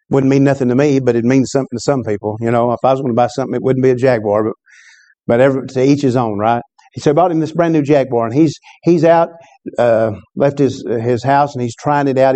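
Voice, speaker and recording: A man's voice: medium pitch, dark tone. A man preaching a sermon, telling a story in a conversational way and calling out to the congregation. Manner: storytelling preacher, conversational with call-and-response asides.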